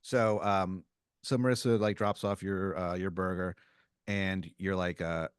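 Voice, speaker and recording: A man's voice: low voice, fairly even intonation, measured pace, clear, resonant tone, no room sound, studio quality. A man co-hosting a comedy podcast, spinning an improvised second-person story in a rambling way, full of fillers and restarts. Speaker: podcast co-host.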